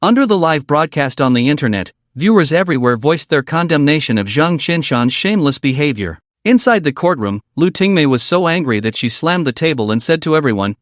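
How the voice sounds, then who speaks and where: A man's voice: fairly high pitch, sing-song, fairly quick, few pauses, no echo, studio quality. A man narrating a scripted story recap in a dramatic storytelling manner.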